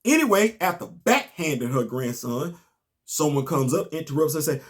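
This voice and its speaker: A man's voice: fairly high pitch, moderate pace. A man, casually recapping a comic book and telling stories on his podcast. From Southern US. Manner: animated, storytelling, rising to emphatic outbursts.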